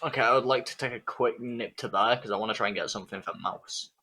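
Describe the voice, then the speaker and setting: A man playing in a tabletop game, excitable, swearing and stammering. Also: mid-range voice, fast talker, breathy edge. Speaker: player.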